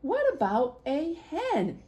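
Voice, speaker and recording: Slow, lively woman teaching kids. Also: high-pitched, heavy background noise. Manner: slow, sing-song, playful. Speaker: children's video host. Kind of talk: preschool teaching. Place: homestead.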